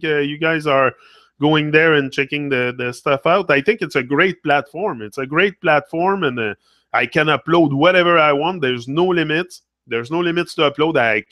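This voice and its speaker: A man's voice: a little high, sharp tone, dry recording. A young man with a Quebec French accent hosting a casual live chat with viewers, switching between French and English with many fillers. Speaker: livestream host.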